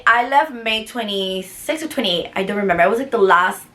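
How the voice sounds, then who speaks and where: A woman in her twenties from the US telling a story in a chatty, animated vlog with lots of fillers. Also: medium pitch, fairly quick. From United States. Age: 20s. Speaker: vlogger.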